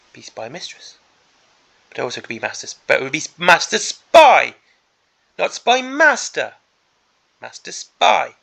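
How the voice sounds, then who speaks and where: A man's voice: a little high, creaky, sharp tone. A man hosting a miniatures hobby channel, giving an exasperated, sarcastic ranting commentary on a product preview.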